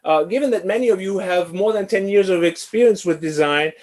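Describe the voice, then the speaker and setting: A man giving an online business lecture, running polls and pausing often with fillers. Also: high-pitched. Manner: hesitant, many uh fillers.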